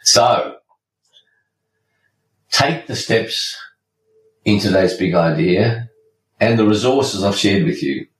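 A man's voice: fairly low pitch, slight background noise. A man hosting a podcast, delivering a scripted monologue in an emphatic, preachy way and slipping in jokes. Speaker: podcast host. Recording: roomy, distant from mic, faint ambience.

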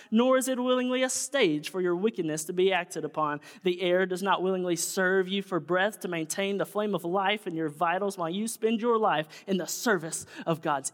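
A man's voice: sits high, pitched above the performer's own voice, natural voice. A man putting on the voice of a stern eighteenth-century male fire-and-brimstone preacher, delivering solemn, old-fashioned oratory in a church. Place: church sanctuary. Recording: long church hall reverb.

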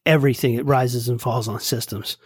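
A man co-hosting a casual podcast chat, animated, laughing easily and acting out quoted lines. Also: medium pitch, brisk, husky, no room sound, studio quality. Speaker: podcast co-host.

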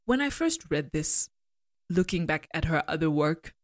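A woman with a low, steady voice gives an analytical critique of poetry. She argues her points in a measured, deliberate way. The sound is dry and close. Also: no room sound. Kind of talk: analytical commentary reading poems aloud.

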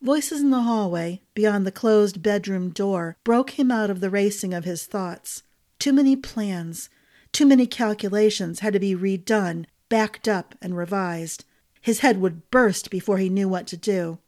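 A woman narrating a fantasy novel for a storytelling podcast in a measured, dramatic reading style. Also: mid-range voice, darkish tone.

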